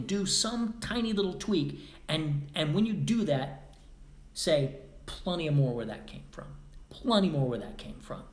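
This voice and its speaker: A man hosting a podcast, giving a casual motivational monologue with rambling asides and acted-out quotes. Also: a little high. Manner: animated, acts out quoted voices, rambling asides. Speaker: podcast host. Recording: roomy echo.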